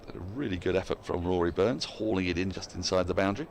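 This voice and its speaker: A man's voice: low-pitched, fast talker, gravelly, a little hiss or hum. A man giving live cricket commentary in a chatty way, laughing often and reading out listener emails between the play.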